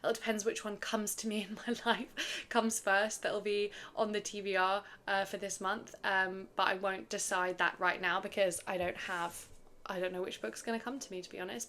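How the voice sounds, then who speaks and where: A woman's voice: medium pitch, fairly bright tone. Casting: woman, book vlogger, casual rambling chat to camera, easy laughs. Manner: chatty, rambling, with fillers and little laughs. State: slightly out of breath.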